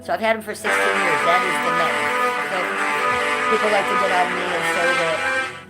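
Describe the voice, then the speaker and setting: Woman streamer, lowish voice, blunt, foul-mouthed, music underneath. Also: steady tone, moderate pace, low-quality recording. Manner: blunt, combative, swears freely. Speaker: livestreamer. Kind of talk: casual livestream chat. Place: indoors at home, high-ceilinged room.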